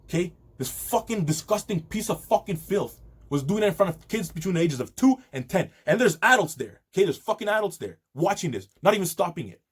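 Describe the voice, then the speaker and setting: A man's voice: high voice, slightly rough. A man delivering an indignant, profane monologue to his audience. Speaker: video host. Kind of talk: angry monologue.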